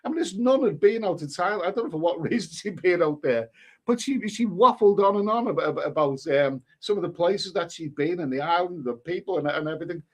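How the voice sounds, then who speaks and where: A middle-aged man hosting a livestream, chatting casually and reading out viewer comments, rambling and halting with many restarts and repeated words. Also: high voice, expressive.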